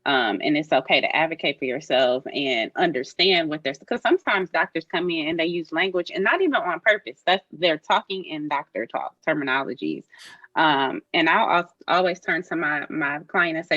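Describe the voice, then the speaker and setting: Woman doula, low voice, dry muffled audio, earnest reassuring talk. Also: moderate pace, sharp tone, dry recording. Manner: earnest, reassuring, frequent "um" and "you know". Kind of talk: roundtable discussion.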